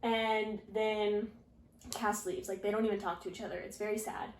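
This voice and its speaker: A woman's voice: medium pitch, steady tone, moderate pace, echoey room, a little hiss or hum. A woman casually recapping a story, rambling with lots of "like" and sarcastic asides. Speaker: video essayist recapping a fanfiction.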